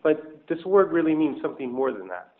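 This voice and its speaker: A man preaching a sermon in a somewhat high voice, working through numbered points one at a time and explaining each. He lifts his voice to stress key words. The sound is thin and narrow, like a phone line. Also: big pitch swings, a little fast. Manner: structured, explanatory, rises for emphasis. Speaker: pastor. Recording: tinny phone-like audio.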